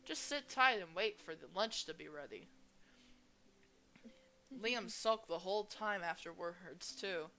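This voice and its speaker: A young woman reading a visual novel aloud as a gaming host, expressive and playful as she voices each character. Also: on the low side, slow pace, long pauses, slight background noise. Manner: expressive, reads each character's lines with shifting energy.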